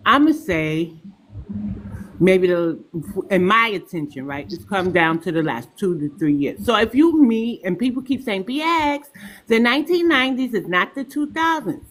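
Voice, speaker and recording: A middle-aged woman, a podcast guest who talks emphatically and tells stories with big swings in pitch. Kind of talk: podcast discussion.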